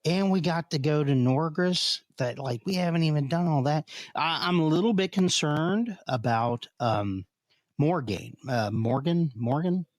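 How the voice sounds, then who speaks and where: A man in casual chat as a podcast co-host, talking haltingly with many fillers and restarts, a little curmudgeonly by his own account. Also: on the high side, animated, dry recording, clean studio sound. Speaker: podcast co-host, tabletop player.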